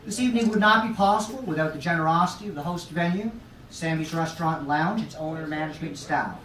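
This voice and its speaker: Man, high voice, formal earnest speech, echoey room, distant, faint noise. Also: fast talker, fairly bright tone. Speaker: founding member of an art group giving a speech. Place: art show in a restaurant lounge. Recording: roomy sound from a distant camera.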